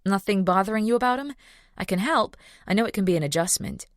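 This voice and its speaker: A woman's voice: mid-range voice, lively intonation, fast, dry recording, studio quality, pitched above the performer's own voice, natural voice. A woman voicing a young female veterinarian who speaks in an eager, caring way. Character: young woman vet, eager, friendly and a little anxious.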